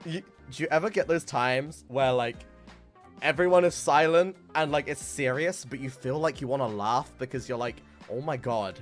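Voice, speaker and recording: A young man streamer telling a school story in casual, rambling chat, full of fillers. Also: medium pitch. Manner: rambling, filler-heavy, animated retelling.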